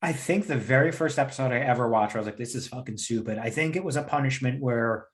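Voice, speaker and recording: A man co-hosting a casual podcast chat in a relaxed, agreeable way, swearing now and then. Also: mid-range voice, fast. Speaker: podcast co-host.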